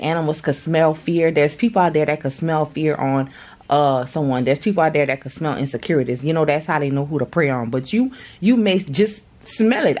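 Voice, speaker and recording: A woman's voice: deep voice, a little mellow. Slangy, chatty woman reading tarot. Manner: chatty, slangy, swearing, talks straight to viewers. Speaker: tarot reader. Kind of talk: casual tarot reading vlog.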